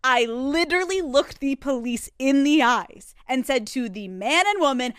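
A woman hosting a solo podcast in a studio, telling a story in an animated, profane way. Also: sits high, normal speed, clear, resonant tone, no echo. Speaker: podcast host.

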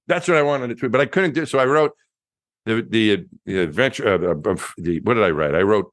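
A man in his fifties with a very low voice tells stories as an interview guest. He is lively and anecdotal, and often stumbles and restarts mid-sentence. He is close to the mic in a dry, dead room. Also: fast talker, dry recording. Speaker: astronaut guest. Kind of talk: storytelling interview.

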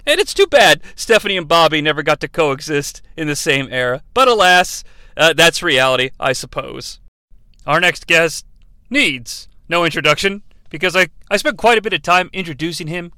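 A man's voice: fairly high pitch, pushed and bright, no echo. A man hosting a comedic podcast, rambling and profane, often interrupting himself and laughing. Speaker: podcast host. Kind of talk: comedic solo podcast riff.

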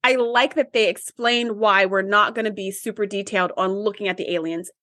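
A woman's voice: mid-range voice, steady tone, brisk, pushed and bright, no echo. A woman co-hosting a podcast, chatting casually and retelling scenes with quoted lines. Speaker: podcast co-host. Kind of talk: casual chat recapping a TV episode.

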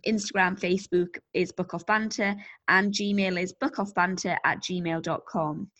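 A woman's voice: medium pitch, fairly bright tone. Chatty woman podcast co-host. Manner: chatty, laughs often, swears casually. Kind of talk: casual chat. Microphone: remote video call.

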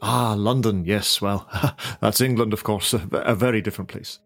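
A man playing a courteous, gravelly gentleman traveller. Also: on the low side, fairly even intonation, moderate pace, no echo, faint music behind. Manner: courteous, hesitant, formal phrasing. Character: polite, genteel male gentleman traveller.

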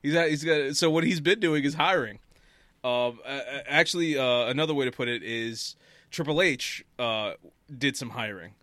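A man hosting a casual chat show, telling stories in an animated way and laughing often. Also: mid-range voice, normal speed, no echo.

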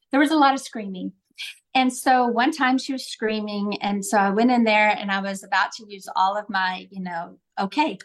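A woman with a somewhat high voice, telling parenting stories in a podcast conversation. She acts out quotes with lively leaps in pitch. Her delivery is warm-hearted storytelling, not a lecture. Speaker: parenting coach guest.

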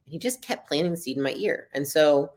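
A woman's voice: deep voice, expressive, a little mellow. A young adult woman, a podcast guest, telling her story in a casual, chatty interview and acting out the dialogue. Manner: fast, chatty, acts out quoted dialogue.

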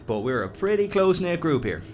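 A cocky Irish space captain. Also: male voice, fairly high pitch, very animated, fairly quick, darkish tone, slight background noise. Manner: cocky, teasing. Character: brash broke male Irish space captain, con man. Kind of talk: audio comedy drama acting.

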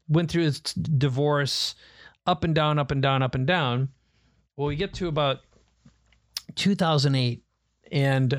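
A man's voice: medium pitch, no room sound. Man telling a story, dry close sound. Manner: animated storyteller, acts out quoted family voices. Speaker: podcast co-host. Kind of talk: casual storytelling.

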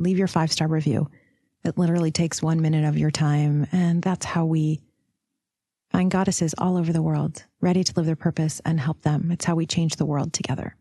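Woman, guided meditation, mellow low voice, dry close sound, slow and soft, half-whispered. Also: no echo. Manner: calls listener "sister", affirmations. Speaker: podcast host.

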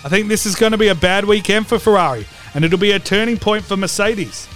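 A man's voice: high voice, fast, a bit bright, soft background music. A man hosting a comedic racing preview vlog, brash, profane and theatrical. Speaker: host.

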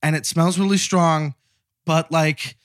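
Man in his thirties, caller, chatty storyteller, slightly high voice, very dry. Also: slow pace, no echo. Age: 30s. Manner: animated, laughing, acts out coworkers' lines. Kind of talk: casual storytelling.

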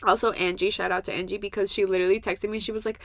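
Young woman, casual chat, animated storytelling, bright tone, dry close sound. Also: medium pitch, racing, creaky, no echo. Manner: animated storytelling, swearing, bursts of laughter. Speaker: podcast co-host.

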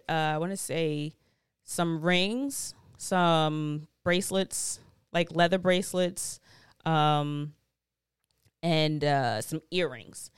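A casual woman spinning a travel story for her podcast, swearing freely and tossing in slang as she goes. Her voice sits a little low and comes through smooth and clear. The sound is close and dry, with no room around it. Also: no room sound. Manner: chatty, profane, animated retelling with slang. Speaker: podcast host.

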